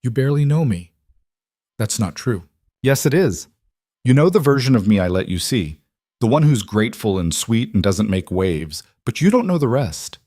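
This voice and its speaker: A man's voice: medium pitch, very animated, normal speed, warm tone, dry recording, clean studio sound. A man voicing a hurt, fierce young woman, raising his voice and sounding strained, pleading and bitter. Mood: defiant.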